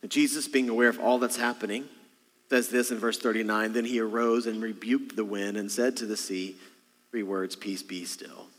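A man's voice: fairly low pitch, fairly even intonation, moderate pace. A man preaching a sermon as pastor, talking conversationally to the congregation with rhetorical questions and jokes. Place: church sanctuary. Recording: long reverb of a large hall.

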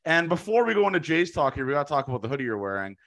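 A man co-hosting a sports podcast in casual chat, his voice hoarse, talking in an excitable, profane, laughing way. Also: on the high side, rapid-fire. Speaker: podcast co-host.

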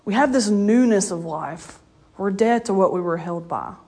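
A woman's voice: medium pitch, lively intonation, normal speed, darkish tone, breathy edge. A woman preaching a casual, story-filled sermon. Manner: conversational storytelling, laughs often. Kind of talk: informal sermon.

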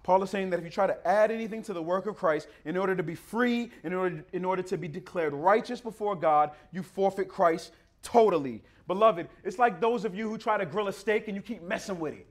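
A man's voice: sits high, fairly quick, few pauses. A man preaching a sermon in an emphatic, conversational way, addressing his listeners as beloved.

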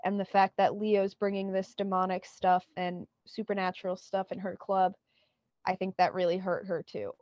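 A woman's voice: mid-range voice, flat delivery, moderate pace, no room sound, dull audio. A woman co-hosting a podcast, retelling a TV scene in casual chat and quoting lines with lots of "like". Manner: retells scenes with many "like" quotes. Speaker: podcast co-host.

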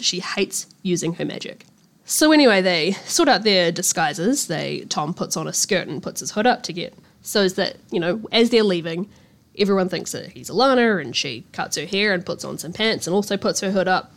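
A young woman casually retelling a novel's plot as a podcast host, chatty, swearing freely and acting out the characters' lines. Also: medium pitch. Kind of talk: casual book recap.

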